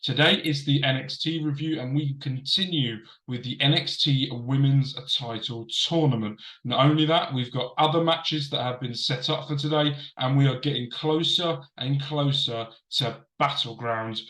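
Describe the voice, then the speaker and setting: A man's voice: medium pitch, moderate pace, few pauses, bright, forceful tone, echoey room, rough recording. A man hosting a casual wrestling review show, chatting straight to camera from a desk and repeating himself for emphasis. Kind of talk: casual commentary. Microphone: desk camera setup.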